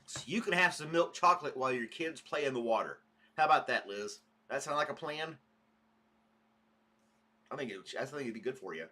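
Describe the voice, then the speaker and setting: A man's voice: medium pitch, brisk, long pauses, sharp tone. A man hosting a casual morning livestream podcast, rambling chattily and greeting viewers by name. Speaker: podcast host.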